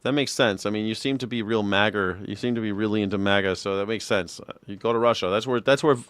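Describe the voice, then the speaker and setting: A man's voice: on the low side, fast talker, a bit bright, smooth, no echo. Blunt, profane male talk host. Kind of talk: live news reaction commentary.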